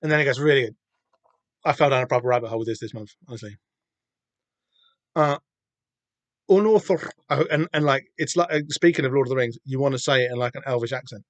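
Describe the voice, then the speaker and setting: A man's voice: mid-range voice, fast, long pauses, dry recording. Rambling man on a dry mic. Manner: rambling, hesitant, many fillers and restarts. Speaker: podcast host. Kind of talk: casual comic read-through chat.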